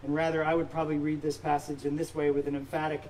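A man delivers a sermon in a fairly high voice, leaning into points with emphatic rhetorical questions. He sounds a little distant from the microphone, with a faint hum of noise in the background. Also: steady tone, quick pace, few pauses, a little mellow. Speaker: pastor. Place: church sanctuary.

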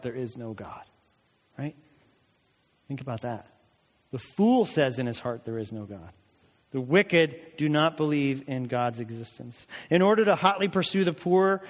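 Preaching man in a reverberant hall. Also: fairly high pitch. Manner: reads scripture aloud with deliberate emphasis, then explains it plainly. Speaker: pastor. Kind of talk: sermon. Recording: long reverb of a large hall.

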